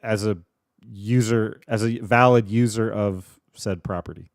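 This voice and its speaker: A man co-hosting a casual game podcast, relaxed and laughing easily. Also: lowish voice, measured pace, dry recording, clean studio sound. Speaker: podcast co-host.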